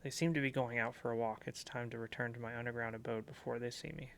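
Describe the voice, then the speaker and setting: A man's voice: mid-range voice, steady tone, fast talker, gravelly, fairly bright tone, slight background noise. A man reading the lines of a despairing young man trapped in a hole, in a horror game. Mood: brooding. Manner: despairing, then pleading. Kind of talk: reading game dialogue aloud.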